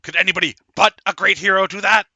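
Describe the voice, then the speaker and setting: A wild-eyed little halfling braggart, put on by a man, raising his voice high and loud as he boasts and stammers. The tone is gravelly and raspy, bright and sharp, and it swoops all over. The sound is dry and close. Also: big pitch swings, normal speed, no room sound, heavily acted. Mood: boastful. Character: boastful, paranoid, excitable male halfling.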